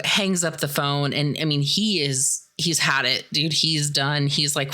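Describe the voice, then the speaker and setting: Woman podcast host, low but bright voice, snarky and casual in her film recap. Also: fairly even intonation, unhurried. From Midwestern US. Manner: sarcastic, chatty, swears freely. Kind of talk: casual movie recap commentary.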